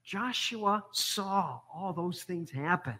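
Slow, bright-voiced preaching man. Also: high voice, animated, husky. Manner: storytelling preacher, swinging from soft hushed lines to emphatic ones. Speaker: pastor. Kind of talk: sermon.

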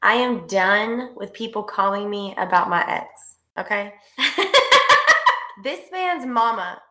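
A woman's voice: mid-range voice, lively intonation, takes it slowly, sharp tone, echoey room. A woman, co-hosting a podcast and venting in a sassy, emphatic way. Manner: sassy, emphatic, laughs often. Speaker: podcast co-host. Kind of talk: casual chat.

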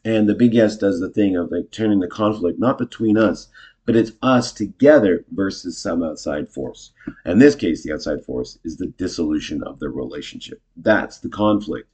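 A man casually teaching improv, chatty and self-correcting, jumping into animated example lines. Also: deep voice, moderate pace, slightly rough.

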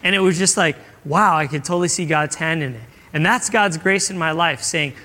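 A man's voice: a little high, a little fast, few pauses, pushed and bright, long reverb tail. A young adult man giving a casual, conversational sermon, telling stories and acting out what people say. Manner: casual, conversational storytelling with acted-out quotes. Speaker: pastor.

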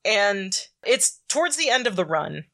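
A woman's voice: mid-range voice, a little slow, creaky. A woman co-hosting a podcast, chatting casually and animatedly about comics, with lots of "like" fillers. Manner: chatty and animated, many "like" fillers, frequent laughs. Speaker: podcast co-host.

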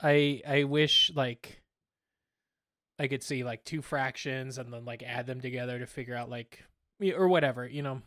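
A man's voice: medium pitch, normal speed, fairly bright tone, dry recording, studio quality. A man co-hosting a podcast, chatting casually with stammered restarts and lots of filler words. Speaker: podcast co-host. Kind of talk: casual chat.

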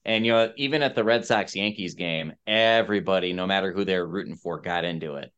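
A man hosting a podcast, telling stories in a casual, lively way and slipping into quick accent impressions. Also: low voice, clean tone, muffled recording. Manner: animated storyteller who mimics accents. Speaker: podcast host. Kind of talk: casual chat, storytelling.

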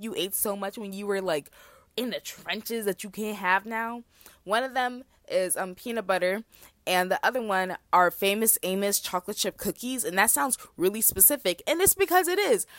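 A woman's voice: on the high side, a bit bright, no echo, clean studio sound. A young American woman hosting her own podcast, chatting casually and telling stories full of fillers and asides to her listeners. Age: young adult. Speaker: podcast host. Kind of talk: casual solo podcast chat.

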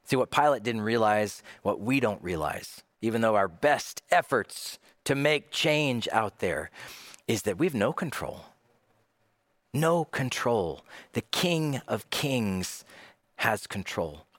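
A man's voice: on the low side, expressive, slow pace, fairly bright tone, no room sound. Guy preaching, voice swings up and down a lot, dry close sound. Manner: dramatic, acts out quoted voices. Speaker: pastor. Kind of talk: sermon.

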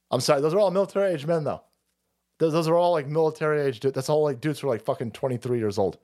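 A man's voice: a little high, quick pace, darkish tone. A man hosting a livestream, ranting in a foul-mouthed, sarcastic way and often breaking into laughs. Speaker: livestream host.

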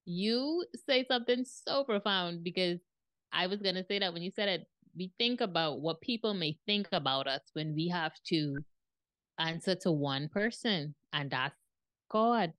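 A woman hosting a casual faith podcast, talking in a lively, emphatic way with preacherly turns of phrase. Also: fairly low pitch, normal speed, no room sound. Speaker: podcast host.

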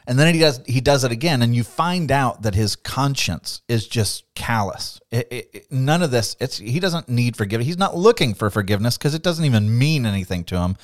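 A man co-hosting a Bible study podcast, teaching in a lively, conversational way, laughing often and acting out quotes. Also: mid-range voice, a little fast, hardly any pauses, no echo, studio quality.

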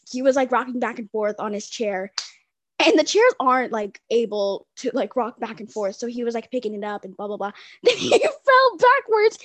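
A woman's voice: on the high side, no room sound. A young woman telling rambling school stories in casual chat, often breaking into giggles. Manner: giggly, rambling, many fillers.

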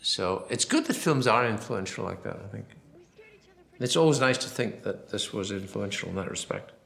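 Deep voiced man rambling through a film commentary, acts out the dialogue, roomy echo. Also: animated, moderate pace, gravelly, a bit bright. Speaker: film director.

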